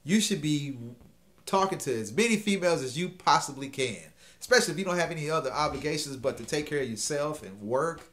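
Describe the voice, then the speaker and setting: A man's voice: a little high, brisk. Middle-aged man telling a dating story. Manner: animated, checks in often with "okay?". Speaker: host giving dating advice. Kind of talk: casual storytelling advice talk.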